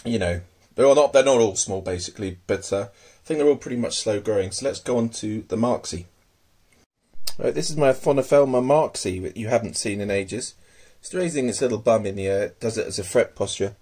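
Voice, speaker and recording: A man's voice: fairly low pitch, brisk, a little mellow. A man casually showing his pet tarantulas at home, hesitant and full of ums, murmuring fondly to his pets. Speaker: tarantula keeper. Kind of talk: casual hobby video.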